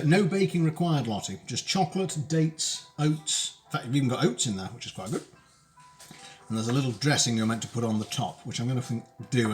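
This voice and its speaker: A man's voice: medium pitch, a little mellow. A man hosting a casual live cooking stream from his home kitchen, chatting while he eats. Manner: chatty, talks while eating. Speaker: streamer host.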